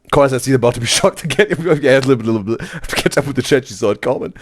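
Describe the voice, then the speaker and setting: A man hosting a live stream, reading chat messages aloud in a casual, excitable way and saying "bro" constantly. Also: medium pitch, very fast, husky. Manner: animated, exclaims "bro" constantly, laughs often.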